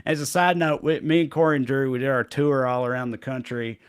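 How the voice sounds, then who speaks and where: A man with a Southern US drawl hosts a loose comedy chat show and reads out viewer comments. He jokes at his own expense and laughs often, in an easy mid-pitched voice. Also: steady tone, fairly quick, smooth. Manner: joking, self-deprecating, laughs often. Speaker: show host.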